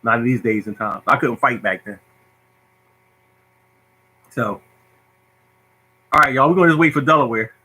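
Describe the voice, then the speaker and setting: Bright-voiced, joking male host. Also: mid-range voice, moderate pace, pauses often, breathy edge, rough recording. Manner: animated, joking, self-mocking. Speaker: lottery show host. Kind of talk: casual storytelling to viewers.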